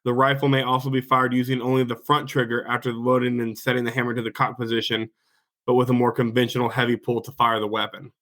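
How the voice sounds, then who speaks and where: A man hosts a movie podcast and reads trivia aloud at an easy clip. His speaking voice sits at a middling pitch. Between readings he chats loosely and swears now and then. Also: monotone, fast talker, fairly bright tone. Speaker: podcast host. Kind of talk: casual movie podcast chat.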